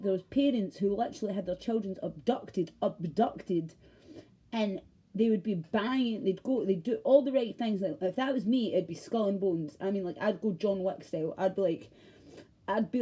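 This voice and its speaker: Husky Glaswegian woman ranting. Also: medium pitch, normal speed, warm tone, rough recording. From Scotland. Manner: passionate, profane, rambling. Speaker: vlogger. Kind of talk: ranting monologue.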